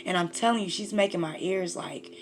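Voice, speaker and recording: A woman reads tarot cards in a loose, profane, chatty way, speaking straight to her listener. Her voice sits fairly low. There is clear noise under the recording. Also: brisk. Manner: blunt, profane and animated. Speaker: tarot reader. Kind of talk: casual tarot reading.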